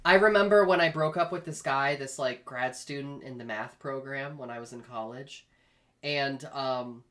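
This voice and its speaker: Co-host, woman, deep-pitched, relaxed and reflective in casual talk. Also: normal speed. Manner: thoughtful, calls people "girl," laughs easily. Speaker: podcast co-host. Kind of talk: comedic casual chat.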